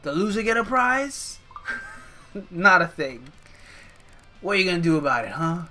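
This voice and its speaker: A woman's voice: on the low side, lively intonation, a little slow, sharp tone, soft background music. Woman reading out a brash old wrestling coach.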